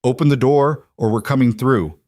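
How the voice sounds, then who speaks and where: A man's voice: medium pitch, normal speed, darkish tone, dry recording, studio quality, voice pushed up, close to an everyday voice. A man voicing a menacing male armed raider giving cold, threatening commands.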